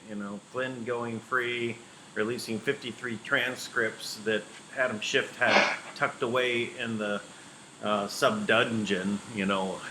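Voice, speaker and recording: A man's voice: on the low side, noisy background. A man hosting a casual talk show, joking with his co-host. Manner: jokey, laughs at his own lines. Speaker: podcast host. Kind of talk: casual chat.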